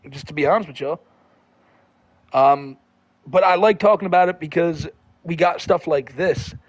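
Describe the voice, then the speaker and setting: A man's voice: fairly high pitch, moderate pace, no room sound. A man hosting a livestream, reading viewer comments in a rambling, profane, laid-back way. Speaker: livestream host.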